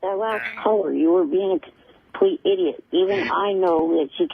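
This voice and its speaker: A man's voice: high-pitched, normal speed, gravelly. A man calling into a radio show, lecturing the host in an indignant tone. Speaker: caller. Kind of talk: radio call-in. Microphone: telephone. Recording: tinny phone line with faint noise.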